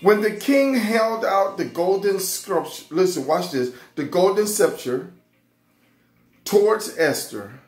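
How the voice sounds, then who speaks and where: A man teaching an excited Bible lesson to children, fervent and repeating his phrases. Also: high-pitched, takes it slowly, reverberant, soft background music. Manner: fervent, repeats phrases, keeps saying "watch this" and "y'all".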